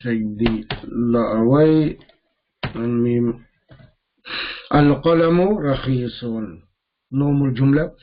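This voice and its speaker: A man teaching a grammar lesson, repeating each Arabic term slowly as he mixes it into English explanations. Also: mid-range voice, muffled recording, slight background noise.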